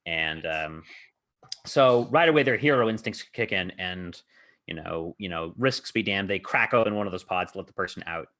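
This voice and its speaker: A podcast host, who is also a game master, casually recounts a tabletop session he ran. His voice is low, animated and a bit bright, at normal speed, and he rambles heavily with filler words and laughs often.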